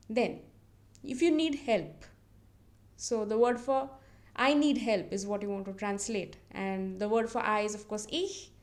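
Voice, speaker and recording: A woman teaching a language lesson, saying each phrase slowly and repeating it word by word. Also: medium pitch. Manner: repeats words syllable by syllable, drawn out. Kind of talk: slow, deliberate language lesson.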